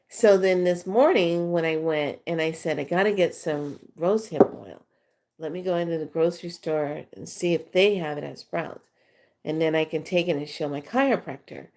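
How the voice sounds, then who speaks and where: A woman's voice: lowish voice, darkish tone. A middle-aged woman, a spiritual teacher, telling rambling, chatty stories to her followers with fillers and acted-out quotes. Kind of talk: casual storytelling to followers.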